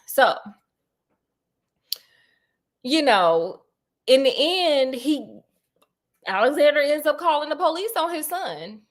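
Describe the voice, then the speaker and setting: A woman's voice: sits high, animated, slow, long pauses. Chatty, digressive woman storyteller. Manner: chatty, digressive, laughing asides. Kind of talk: casual storytelling.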